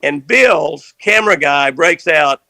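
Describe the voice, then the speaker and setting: An older man with a drawl tells a fishing tale with a bright, gravelly edge to his slightly high voice. He rambles along with folksy energy, and the sound is dry and close. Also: takes it slowly, no echo. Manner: rambling, animated anecdote telling. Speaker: fishing guest. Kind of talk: folksy storytelling.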